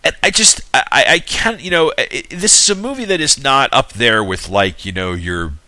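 A man's voice: mid-range voice, moderate pace. A man giving a casual, rambling film recap with many restarts and asides. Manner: animated retelling with acted-out quotes. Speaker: film reviewer.

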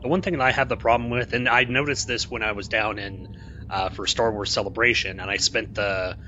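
A man's voice: lowish voice, steady tone, a little fast, bright, forceful tone. A man from Kansas raised in Oklahoma, co-hosting a podcast in rambling casual chat. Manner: rambling, self-correcting. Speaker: podcast co-host. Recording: dull lo-fi audio with faint hiss.

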